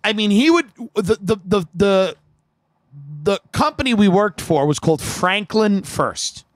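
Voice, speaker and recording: A man telling a comedic story, animated and profane, acting out the people in it with bursts of shouting. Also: high-pitched, a little slow, no echo.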